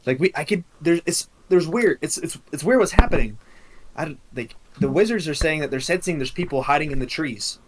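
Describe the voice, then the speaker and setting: A man's voice: fairly high pitch, lively intonation, brisk, background noise. A man running a tabletop game as dungeon master, narrating in a rambling way with frequent restarts. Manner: rambling, many fillers and restarts.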